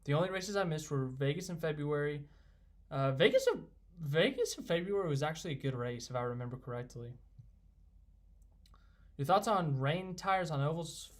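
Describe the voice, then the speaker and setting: Excitable young man hosting a live stream. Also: fairly high pitch, normal speed. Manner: rambling, excitable, reads viewer comments aloud. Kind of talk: casual live stream chat.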